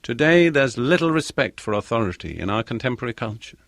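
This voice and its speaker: Measured male preacher, dry sound. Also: medium pitch, big pitch swings, fairly bright tone, no echo. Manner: measured, deliberate, repeats key phrases for emphasis. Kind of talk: sermon.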